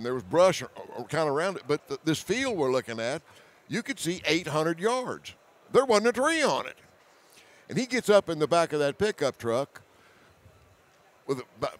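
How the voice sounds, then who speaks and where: Animated man telling hunting stories. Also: a little high. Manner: animated storyteller, laughs often; hurried restarts and repeated words. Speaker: hunting show host as guest. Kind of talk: storytelling in conversation.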